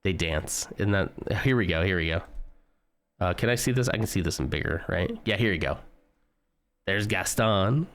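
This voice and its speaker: A man's voice: deep voice, animated, normal speed, fairly bright tone. A man streaming live, chatting casually and joking with his viewers as he browses. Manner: chatty, joking, talks to chat while browsing.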